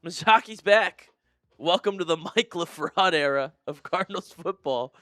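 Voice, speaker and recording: Excitable and crisp-voiced, this male watch-party streamer calls the action live, bursting into shouts and then grumbling in disgust. The audio is studio quality with no echo and soft background music, and his pace is normal.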